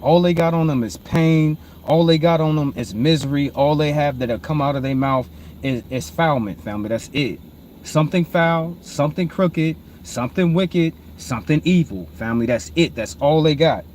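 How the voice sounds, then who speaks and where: High-voiced man preaching casually. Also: moderate pace, a little hiss or hum. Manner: repetitive, calls listeners "family"; swings between low murmured reading and loud emphatic rising preaching. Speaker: host. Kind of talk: informal preaching on proverbs.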